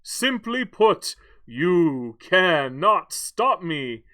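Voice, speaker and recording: A man putting on the voice of a gloating male movie supervillain, slow and theatrical. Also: high-pitched, sing-song, sharp tone, heavily acted.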